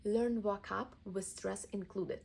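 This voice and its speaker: A woman teaching a scripted pronunciation lesson in a clear, methodical way. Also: medium pitch, fairly even intonation, slow, a little mellow. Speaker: language teacher.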